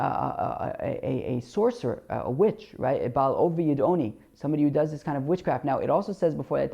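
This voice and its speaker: A man hosting a podcast lesson on the Talmud, reading Hebrew and Aramaic phrases and translating them in a halting, casual way full of fillers and restarts. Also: a little high, vocal fry, warm tone, lo-fi sound. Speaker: podcast host teaching Talmud.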